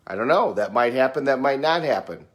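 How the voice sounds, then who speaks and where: A middle-aged American man talking in an unhurried, folksy way, musing on life and telling a story with plenty of fillers. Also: medium pitch, lively intonation. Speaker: speaker sharing reflections. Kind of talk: casual reflective monologue.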